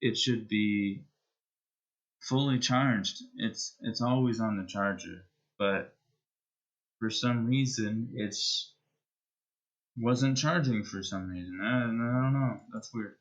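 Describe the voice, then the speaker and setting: A male streamer winds down a live stream in casual, rambling chat. He speaks at an unhurried, drawn-out pace and keeps circling back and restarting his sentences. His voice comes through a muffled, lo-fi recording. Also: fairly low pitch. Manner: rambling and hesitant, with many restarts.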